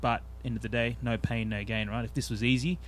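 A man's voice: mid-range voice, steady tone, fairly quick, a bit bright, a little hiss or hum. A man from Australia, a musician guest, speaking earnestly and reflectively in a casual interview.

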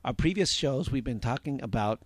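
A man co-hosting a loose, chatty podcast who often restarts himself mid-sentence. His voice sits at an ordinary mid pitch, and the recording is dry and close. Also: expressive, a little fast, no echo. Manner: rambling, full of restarts and laughs, reads out listener comments. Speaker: podcast co-host. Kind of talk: casual podcast chat.

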